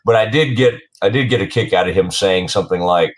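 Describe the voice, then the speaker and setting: A man's voice: low-pitched, fairly quick. A man hosting a casual sports talk interview, speaking in a loose, conversational way as he searches for words. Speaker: podcast host.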